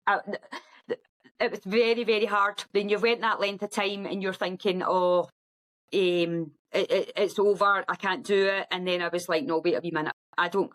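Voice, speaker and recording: A Scottish woman, a guest on an interview show, telling her story in a lively way and acting out the voices of the people in it. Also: lowish voice, low-quality recording. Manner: animated storyteller who acts out quoted speech. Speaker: podcast guest, ultra runner.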